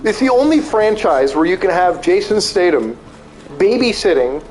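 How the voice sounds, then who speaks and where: Man, high voice, streamer, casual gaming chat, swears a lot, animated rants. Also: normal speed. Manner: profane, animated ranting.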